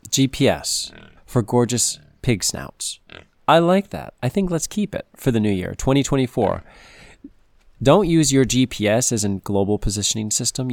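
A man's voice: fairly low pitch, gravelly, dry recording. A man hosting a playful animal-facts podcast for kids, chatty and goofy, full of puns and silly asides. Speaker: podcast host.

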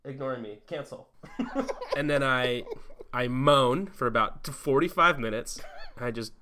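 A man co-hosting a casual comedy podcast, playful and quick to laugh, riffing in jokey rants. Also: mid-range voice, pushed and bright, a little hiss or hum. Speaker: podcast co-host.

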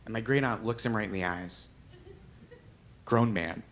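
A man being interviewed, telling warm, animated personal anecdotes with laughing asides. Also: lowish voice, moderate pace, background noise. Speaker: comedian guest. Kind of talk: interview storytelling.

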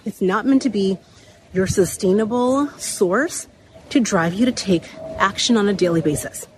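A woman in her thirties hosting a motivational talk while walking uphill outdoors, a bit out of breath, her voice slightly raspy, repeating key points and laughing often. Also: medium pitch, moderate pace, darkish tone, a little hiss or hum. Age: 30s. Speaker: podcast host.

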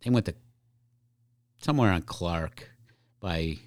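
A man's voice: deep voice, animated, slow, no echo, clean studio sound. A man with a Chicago accent, a firefighter guest telling anecdotes with frequent laughs in casual podcast chat. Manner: laughs often, tells anecdotes loosely.

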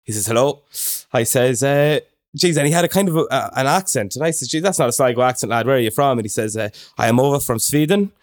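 A man's voice: medium pitch, quick pace. A young Irish man telling a long, chatty anecdote on a casual podcast. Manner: chatty anecdotal storyteller, animated impressions of others. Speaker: podcast co-host. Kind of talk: casual chat, storytelling.

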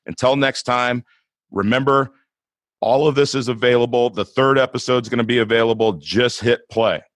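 A man's voice: medium pitch, moderate pace, a bit bright, no room sound. A man hosting a podcast in a casual, earnest and enthusiastic way. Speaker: podcast host.

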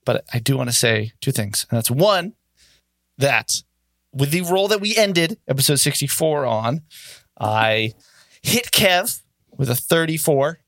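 A man acting as game master, chatting casually with players and narrating the scene slowly and dramatically. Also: medium pitch, lively intonation, fairly bright tone, dry recording, clean studio sound. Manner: slow, deliberate dramatic narration.

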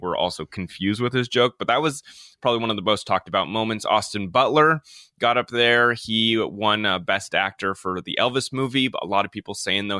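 Male co-host, low and forceful, dry close sound, casual recaps. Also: no echo. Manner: recaps stories, searching for details with fillers. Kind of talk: casual celebrity news chat.

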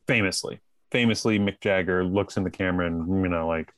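Wry, deadpan guest actor. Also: male voice, on the low side, fairly quick, no echo. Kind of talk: casual chat.

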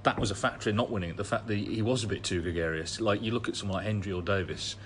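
A man's voice: on the low side, racing, slight background noise. A man hosting a podcast, steering the conversation and moving it on to the next topic. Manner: steers the talk and moves between segments. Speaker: podcast host. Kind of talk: podcast presenting.

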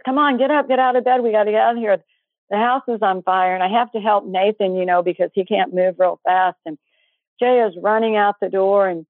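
A woman's voice: mid-range voice, no echo. Earnest woman telling a story over a phone-like line. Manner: earnest, breathless storyteller, acts out quotes. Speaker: interview guest. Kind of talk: emotional personal storytelling.

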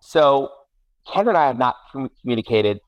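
A man's voice: mid-range voice, a little fast, dry recording, highs cut off. A middle-aged man, a guest parent, telling a casual story with many restarts and self-corrections. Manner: rambling, self-correcting, animated.

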